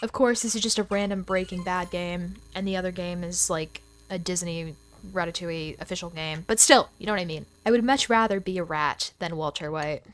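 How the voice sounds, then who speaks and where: A woman hosting a gaming channel, giving casual let's-play commentary in a chatty, excitable way with dramatic exclamations. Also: on the low side, a little fast, hardly any pauses.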